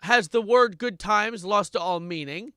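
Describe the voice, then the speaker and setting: A young man streaming live and reacting to online content, ranting sarcastically, swearing and breaking into loud outbursts. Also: high-pitched, measured pace, clear, resonant tone, dry recording, studio quality. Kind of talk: livestream reaction commentary.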